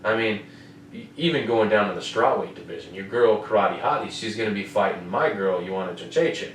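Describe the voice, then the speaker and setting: A podcast host with a fairly low, expressive voice talks briskly as he recaps fights, swearing a lot and asking "you know what I mean?" again and again. He's in a home room with an air conditioner. The audio is roomy and faintly noisy because the mic is distant.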